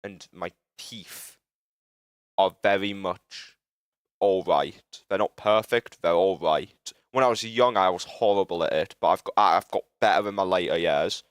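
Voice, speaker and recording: A man's voice: low-pitched, clean tone, no echo, studio quality. Rambling British man on a live stream. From Britain. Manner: rambling, self-interrupting, swearing, quick to frustration. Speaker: livestreamer. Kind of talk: casual live-stream chat while game building.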